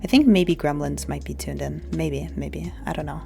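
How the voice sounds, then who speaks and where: A woman's voice: low-pitched, moderate pace, gravelly, darkish tone, faint music behind. A young woman livestreamer rambling casually to her chat and swearing now and then. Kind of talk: casual live-stream chat.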